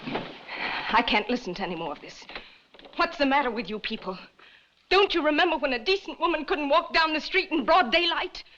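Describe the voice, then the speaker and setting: A woman's voice: sits high, expressive, normal speed, sharp tone. An actress playing a distraught townswoman pleading in exasperation with a meeting, on an old lo-fi film soundtrack. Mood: exasperated. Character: distraught woman townsperson, outraged at cowardice.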